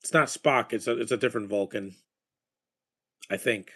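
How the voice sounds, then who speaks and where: A man with a low-ish, slightly bright voice chats casually at normal speed while watching a movie. He rambles enthusiastically about films and their scores as he reacts.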